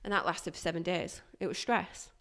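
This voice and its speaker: A woman, a guest recounting a hard workplace experience in a candid, animated way. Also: on the low side, a little fast. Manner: animated, emphatic retelling with bursts of loudness. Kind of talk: candid personal storytelling.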